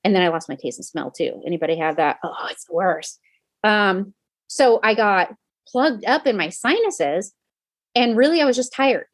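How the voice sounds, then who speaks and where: A woman's voice: medium pitch, expressive, moderate pace, no echo. A woman podcast host and coach telling a personal story in a casual, chatty way. She talks straight to her listeners, with lots of "um"s and self-corrections. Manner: many "um" fillers and self-corrections.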